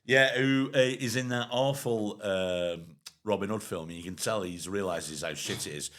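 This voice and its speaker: Laughing man, low voice. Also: normal speed, fairly bright tone. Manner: laughs often, forgetful and rambling. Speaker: podcast co-host. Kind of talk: casual pub banter.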